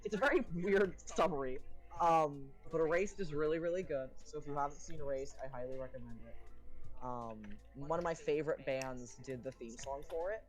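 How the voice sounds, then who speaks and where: A man's voice: fairly high pitch, a little fast, faint music behind. A young man chatting casually on a stream, flustered and laughing at himself, his voice cracking now and then. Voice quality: voice cracks at times. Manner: flustered, laughing, self-deprecating. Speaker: guest streamer.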